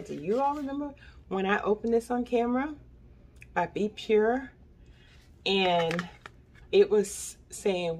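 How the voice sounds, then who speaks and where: A woman's voice: mid-range voice, darkish tone, slight background noise. An older woman chatting casually through a product review, talking straight to her viewers and often repeating herself. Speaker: beauty product vlogger.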